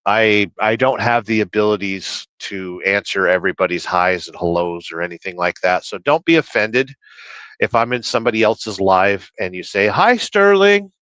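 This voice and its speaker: A man's voice: sits low, fairly even intonation, moderate pace, a bit bright, clean tone, no room sound, rough recording. A man livestreaming while trucking, reading chat aloud and rambling through opinions in casual talk.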